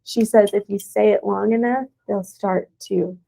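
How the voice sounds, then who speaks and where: A woman's voice: medium pitch, steady tone, unhurried, creaky, warm tone, rough recording. A young woman teacher giving a casual presentation to teaching aides, with plenty of "um"s along the way. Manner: casual, with many "um"s and "y'all".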